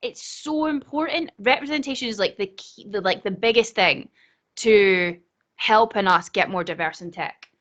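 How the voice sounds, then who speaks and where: A woman's voice: medium pitch, moderate pace, a bit bright. A Scottish woman speaking on a video call in a casual panel chat, earnest and chatty, laughing often. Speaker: conference speaker.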